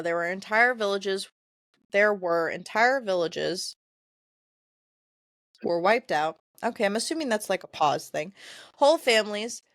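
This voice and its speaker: A woman's voice: mid-range voice, fairly bright tone, dry recording, studio quality. A woman co-hosting a podcast, casually summarizing a novel and reading its dialogue aloud, stumbling over names. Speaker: podcast co-host. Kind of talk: casual book discussion, reading passages aloud.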